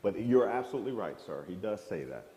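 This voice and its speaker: A man's voice: on the low side, sing-song, fast talker, dark tone. A man leading an interactive Bible class, asking the group questions and often restarting his phrases. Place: church classroom with long reverb. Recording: echoey church room.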